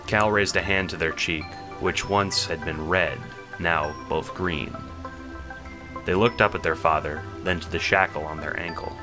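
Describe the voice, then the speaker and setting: A man reading the narration of an audio drama in a measured storytelling manner. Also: sits low, fairly even intonation, music in the background.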